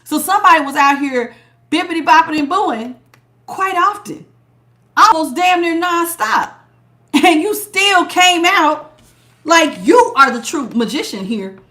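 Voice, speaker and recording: A woman's voice: extremely high pitch, expressive, unhurried, pushed and bright. A woman hosting a live tarot reading, chatting casually with viewers and laughing often.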